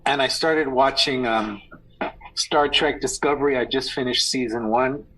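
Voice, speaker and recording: A man's voice: mid-range voice, a little slow, pushed and bright, rough recording. A man chatting casually over a call, thoughtful and analytical, often restarting his sentences. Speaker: guest on a call. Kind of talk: casual chat.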